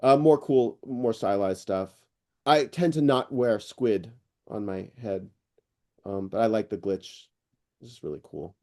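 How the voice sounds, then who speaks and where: A middle-aged man hosting an online AI news session, rambling and excitable, with lots of fillers and restarts. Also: lowish voice, measured pace. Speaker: host presenting AI news. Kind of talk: casual screen-share walkthrough on a live call.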